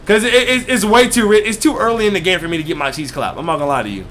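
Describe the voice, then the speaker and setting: A man giving casual gameplay commentary, excitable, slangy and joking. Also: high voice, very fast, a little hiss or hum. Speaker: gaming YouTuber.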